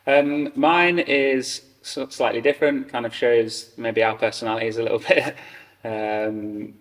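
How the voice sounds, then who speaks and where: A man's voice: mid-range voice, steady tone, measured pace, fairly bright tone. A man co-hosting a fitness podcast, easygoing and joking, chiming in with short agreements. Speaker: podcast co-host. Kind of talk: casual fitness chat. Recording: distant from mic with long reverb.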